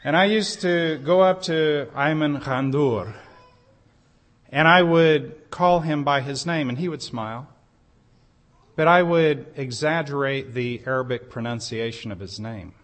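Slow, earnest male preacher. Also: on the high side, fairly bright tone. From United States. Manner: slow, earnest storytelling with emphatic rises. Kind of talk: sermon.

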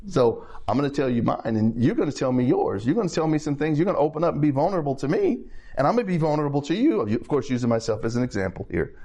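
Male preacher, higher-pitched voice, conversational sermon delivery with repeated phrases and check-ins to the congregation. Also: big pitch swings, fast, mellow. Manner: repeats and restarts phrases while building a point.

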